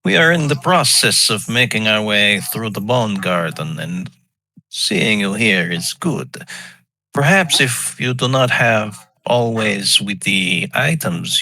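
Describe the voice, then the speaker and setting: Brief: a man as a grand, formal goblin tinkerer in a tabletop game, low and bright, measured and slow. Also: animated, heavily acted, low-quality recording. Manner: slow, stiff formal speech.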